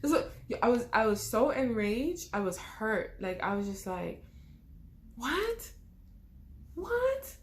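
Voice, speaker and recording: A young woman vlogger telling a personal story in a lively, expressive way, with casual slang. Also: medium pitch, moderate pace, few pauses, slight background noise.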